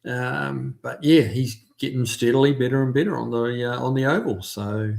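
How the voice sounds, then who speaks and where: A man's voice: medium pitch, moderate pace, gravelly, hardly any pauses, a little mellow. A man hosting a casual livestream, greeting viewers by name and chatting loosely with plenty of ums and uhs. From New Zealand. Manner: chatty, friendly, lots of fillers. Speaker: livestream host. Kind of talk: casual live chat reading viewer comments.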